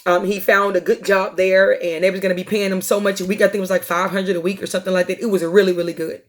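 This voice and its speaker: A woman's voice: medium pitch, flat delivery, fast talker. A woman hosting a podcast, retelling a TV episode in a casual, conversational way with frequent ums and uhs. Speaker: podcast host. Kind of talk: casual storytelling monologue.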